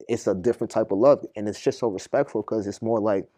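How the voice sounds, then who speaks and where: Young man, rapid storyteller, low mellow voice, dry close sound. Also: no room sound. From Boston. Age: young adult. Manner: animated, acts out prison dialogue, street slang. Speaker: podcast guest. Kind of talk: casual storytelling.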